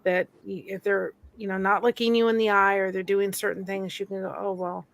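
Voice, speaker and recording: A woman's voice: medium pitch, level tone, fairly quick, gravelly. A woman host in a casual chat, telling stories earnestly. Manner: earnest, storytelling.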